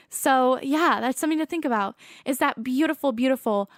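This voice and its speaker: A woman's voice: high voice, moderate pace, no echo, studio quality. A young woman hosting a podcast, talking casually about mediums with many fillers and self-corrections. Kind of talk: casual chat.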